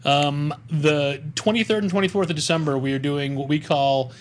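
Higher-voiced man plugging shop events. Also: moderate pace, slight background noise. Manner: upbeat, plugging store events in a steady run. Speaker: comic shop owner and co-host. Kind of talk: casual chat.

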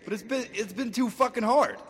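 A man's voice: extremely high pitch, a little fast, long reverb tail, slight background noise. An actor playing a brash, foul-mouthed, selfish male miser who curses and mocks constantly. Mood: pleading. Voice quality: crude, cursing, sarcastic. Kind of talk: comedy audio parody.

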